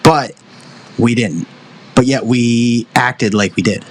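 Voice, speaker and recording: A man's voice: medium pitch, takes it slowly, a little hiss or hum. A male podcast host in casual conversation. He is easygoing and frank, and he hedges with small fillers while he works toward his point.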